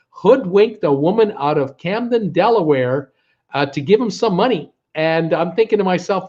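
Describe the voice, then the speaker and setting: A middle-aged man from Canada chats casually on a live travel stream. His voice sits high for a man and he sounds folksy and fed up, leaning on filler words. The audio is dull and lo-fi, picked up by a tablet mic. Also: big pitch swings, moderate pace, darkish tone. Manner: folksy and exasperated, with frequent uh fillers. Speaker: travel vlog host.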